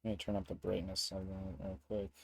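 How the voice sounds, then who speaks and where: A man's voice: low voice, completely flat delivery, a little fast, creaky, dry recording. A young man telling a story in a casual vlog, rambling and joking, with some swearing. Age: young adult. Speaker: vlogger.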